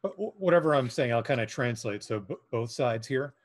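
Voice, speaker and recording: A man's voice: mid-range voice, expressive, a little fast. A man player in a tabletop game, describing his moves hesitantly with many fillers. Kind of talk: casual tabletop game play.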